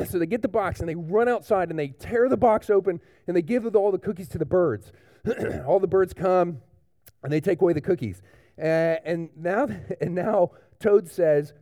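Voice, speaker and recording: A man preaching a children's sermon in church, telling a picture-book story in a lively, animated way to the young ones. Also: fairly high pitch, a little fast, no room sound, studio quality. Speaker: pastor.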